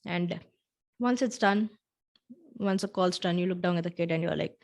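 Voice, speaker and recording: A young woman with a fairly low voice hosts a solo podcast. She speaks earnestly and directly to her listeners, slipping into short acted-out exchanges as she walks them through everyday scenarios. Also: normal speed, creaky, long pauses. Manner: earnest, talks straight to the listener, acts out little dialogues. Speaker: podcast host.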